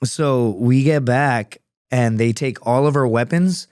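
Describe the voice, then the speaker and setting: A man who is a podcast guest, telling stories in a casual, profane and animated way, acting out other people's voices as he goes. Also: medium pitch, measured pace, smooth, dry recording, studio quality. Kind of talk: casual storytelling. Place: podcast studio.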